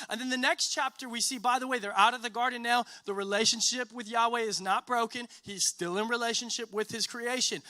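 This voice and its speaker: A man in the pulpit with a high, bright voice, preaching in an animated, conversational way. He keeps checking in with the congregation and slips into casual voices for the characters in his story. The sound is close and dry. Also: no room sound. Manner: conversational, many "right?" tags and restarts. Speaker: pastor. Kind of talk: sermon.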